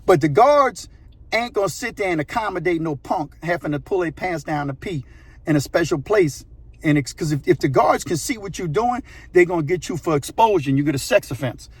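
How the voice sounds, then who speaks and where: Male host, husky voice, slightly high pitch, animated slangy storytelling. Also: a little fast, dry recording. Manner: animated, slangy, repeats phrases for effect. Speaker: channel host. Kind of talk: casual storytelling.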